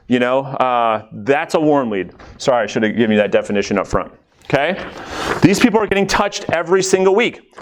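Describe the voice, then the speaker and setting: A man leading a live coaching session for real estate agents, energetic and conversational, checking in with the room and acting out quick bits of dialogue. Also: fairly high pitch, smooth. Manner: acts out quick quoted dialogue.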